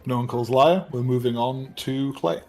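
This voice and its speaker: A man running a tabletop game as dungeon master, laughing often and getting animated as he narrates. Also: medium pitch, moderate pace, soft background music. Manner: laughs often, animated when voicing characters.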